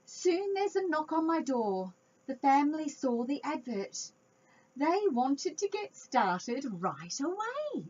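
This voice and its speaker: A woman reading a picture book aloud to young children, expressive and chatty with her listeners. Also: high-pitched, takes it slowly, a little hiss or hum. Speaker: children's storytime reader. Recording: dull lo-fi home recording.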